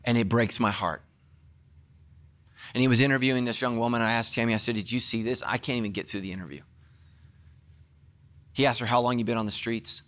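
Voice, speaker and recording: A middle-aged man preaching a sermon as a pastor, telling the story with acted-out dialogue and sudden swings between loud and hushed. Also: fairly quick, pauses often. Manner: animated storytelling, acting out dialogue with big pitch swings.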